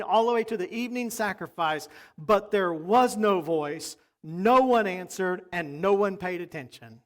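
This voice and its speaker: A man preaching a sermon as pastor, talking emphatically and repeating his points. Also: high voice.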